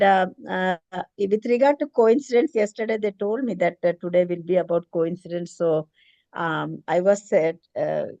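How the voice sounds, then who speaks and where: A woman's voice: lowish voice, mellow, no echo, highs cut off. A middle-aged woman, earnestly telling a personal story on a video call in a hesitant, emotional way. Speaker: meeting participant, preschool teacher.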